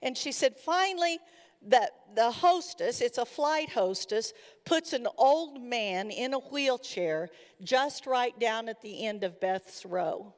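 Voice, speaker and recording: A woman's voice: on the high side, animated, slow. A woman giving a chapel sermon in an earnest storytelling manner, retelling what people said. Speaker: chapel speaker. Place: college chapel. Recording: echoey hall reverb.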